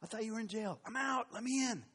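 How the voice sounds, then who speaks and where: A man's voice: sits high, fast, breathy edge, voice pushed up. A preacher playing an escaped male prisoner urgently asking to be let in at a gate. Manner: hushed, urgent.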